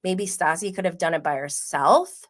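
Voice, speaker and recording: A woman hosting a casual pop culture livestream, chatting quickly with many "like" fillers and frequent laughs. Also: fairly low pitch. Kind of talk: casual gossip chat.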